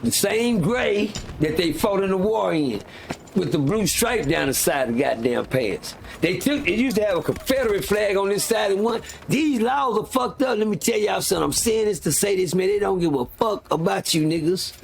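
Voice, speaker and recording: A man's voice: high-pitched, animated, moderate pace, gravelly, a little hiss or hum. A man hosting a live stream, talking in a heated, profane and rambling way, full of restarts and fillers. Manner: frequent restarts and filler words. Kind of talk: casual live-stream rant.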